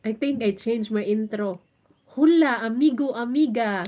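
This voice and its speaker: A woman's voice: on the high side, normal speed, dull audio. A Filipino-accented woman on a casual livestream, reading viewer comments aloud in a playful, giggly way and sounding out foreign phrases.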